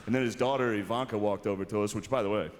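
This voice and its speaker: A man's voice: fairly low pitch, steady tone, very fast, background noise. Laid-back male comic in a reverberant hall. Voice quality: laid-back, self-mocking delivery. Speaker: comedian hosting an awards show. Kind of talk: stand-up monologue. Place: large awards hall. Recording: broadcast audio with hall reverb.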